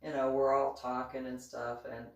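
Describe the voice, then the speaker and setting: Lively woman telling a story in an echoey room. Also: extremely low pitch, moderate pace, far from the mic. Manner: animated, acts out both sides of dialogue, laughs often, many restarts. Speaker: reverend reading and commenting on her diving memoir. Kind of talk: casual storytelling commentary.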